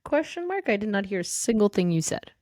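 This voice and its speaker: A playful woman co-host teases her friends in casual podcast chat. Her voice swings a lot in pitch and has a mellow, dark tone. The sound is dry and close. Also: very animated, a little fast, dry recording. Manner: teasing and playful.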